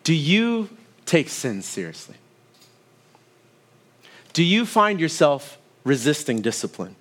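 A man's voice: a little high, very animated, takes it slowly, pauses often, a bit bright. A man in his thirties preaching a sermon to his church, telling family stories and asking the congregation to respond. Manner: storytelling with asides to the congregation. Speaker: pastor.

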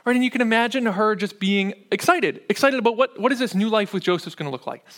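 A man's voice: high voice, lively intonation, quick pace, a bit bright. A man preaching a sermon as pastor, talking in a conversational way and often checking in with his listeners. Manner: conversational preaching, frequent "right?" check-ins.

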